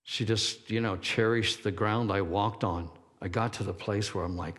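A man's voice: on the low side, steady tone, moderate pace, fairly bright tone. A middle-aged man preaching a sermon as pastor, conversational and emphatic. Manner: conversational, emphatic, self-deprecating. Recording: long hall reverb.

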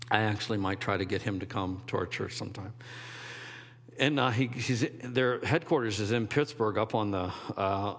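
Rambling pastor preaching in a reverberant hall. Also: male voice, medium pitch. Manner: conversational, rambling with restarts and quoted asides. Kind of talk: sermon.

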